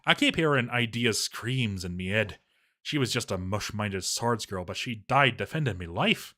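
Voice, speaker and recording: A man's voice: lowish voice, lively intonation, normal speed, pushed and bright. A man voicing a cowardly, grumbling male dwarf pump operator in a put-on Irish-sounding accent, swearing and self-pitying.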